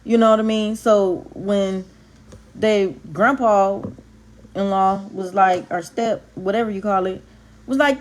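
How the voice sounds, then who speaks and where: Her voice is a little high, a little slow, and slightly mellow as this Bible teacher vlogger from Compton, California talks passionately and casually to camera. She stretches and stresses words for emphasis, tossing in street slang and punchy exclamations.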